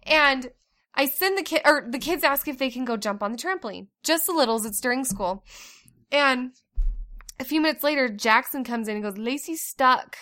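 Thirties woman co-host, high and bright, animated storyteller in casual chat. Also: moderate pace. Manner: animated storytelling, acting out voices. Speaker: podcast co-host.

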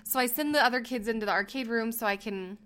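A woman co-hosting a podcast, telling a story in a casual chat, animated and laughing, acting out the lines she quotes. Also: a little high, quick pace. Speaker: podcast co-host.

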